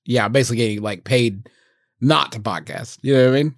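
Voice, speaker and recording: A man's voice: mid-range voice, quick pace, creaky, no echo, clean studio sound. A man co-hosting a comedy podcast, enthusiastic and jokey while he reads an ad.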